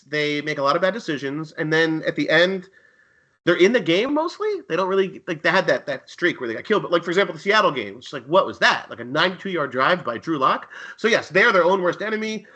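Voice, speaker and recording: A man's voice: a little high, bright, forceful tone, rough recording. A man co-hosting a casual sports betting chat, wry and joking with wandering sentences. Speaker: podcast co-host.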